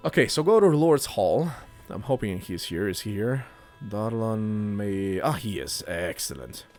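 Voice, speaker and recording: A man's voice: lowish voice, expressive, measured pace, darkish tone, dry recording, soft background music. A man giving casual let's play commentary, chatty and thinking aloud while he plays. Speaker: gaming youtuber.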